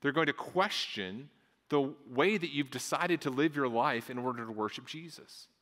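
A man's voice: medium pitch, normal speed, fairly bright tone, in a large hall. A man, a pastor, preaching a sermon earnestly, often repeating his words as he goes. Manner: earnest, repeats words, acts out voices of onlookers.

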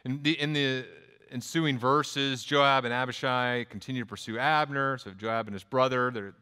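Texan pastor preaching in a reverberant hall. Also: male voice, medium pitch, fairly even intonation, moderate pace, bright, forceful tone, clear, resonant tone. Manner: conversational preaching with restarts and quoted asides. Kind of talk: sermon.

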